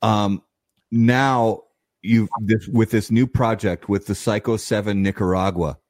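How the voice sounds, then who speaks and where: A male host asking a guest a long, halting question with frequent restarts. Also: on the low side, fairly even intonation, a little mellow, no room sound, studio quality. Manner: halting, restarts often while setting up a question. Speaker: podcast host. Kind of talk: interview questions.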